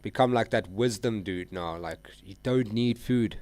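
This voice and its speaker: A man's voice: lowish voice, measured pace, a little mellow, no echo. A man, hosting a live trading stream in loose, rambling chat, full of "bro" and "like". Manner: slangy, says "bro" and "like" a lot. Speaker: livestream trader host.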